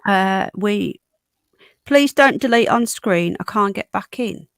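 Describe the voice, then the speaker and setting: A woman hosting a casual livestream chat, her voice going hoarse, clearing her throat often. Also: mid-range voice, lively intonation, slow pace, no room sound, clean studio sound. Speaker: livestream host. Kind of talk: casual live chat reading comments.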